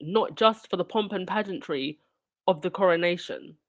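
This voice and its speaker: A woman's voice: fairly low pitch, normal speed. A woman reading news aloud and breaking off into sarcastic, indignant asides as a channel host. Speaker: royal news commentator.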